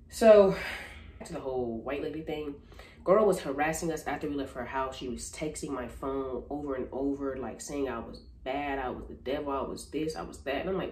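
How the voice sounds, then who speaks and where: Low-voiced woman vlogger, animated storytime delivery with casual slang, echoey room. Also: fairly quick. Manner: animated, talks straight to viewers, slangy. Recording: roomy echo.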